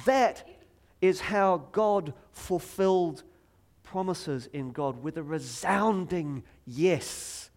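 A middle-aged man preaching a lively, joking sermon from a church stage, chatty and self-deprecating, drawing the congregation in. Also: on the high side, slow pace. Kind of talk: playful sermon with audience participation.

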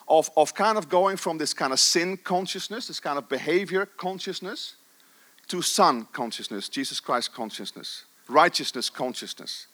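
A man's voice: medium pitch, fairly bright tone. A middle-aged man preaching a sermon with passion, stressing his points and repeating phrases for emphasis.

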